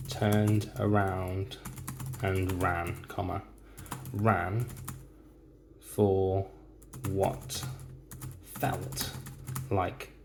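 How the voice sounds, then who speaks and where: A man with a fairly low voice who teaches by dictating a story one careful word at a time, speaking every comma and full stop aloud. He talks slowly while typing at a keyboard. Faint noise sits under the recording. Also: a little mellow. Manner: slow, deliberate dictation, speaking punctuation aloud.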